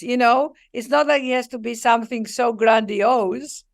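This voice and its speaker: Speaking at a moderate pace with few pauses, a female guest author on a spiritual program gives a warm interview. Her voice sits slightly high; she lingers expressively on important words and frequently acts out small dialogues.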